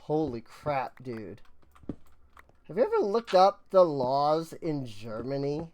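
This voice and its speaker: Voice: mid-range voice, very animated, slow, a little mellow, slight background noise. An American gaming streamer rambling through casual, ranting commentary, self-mocking and full of mild swears. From United States.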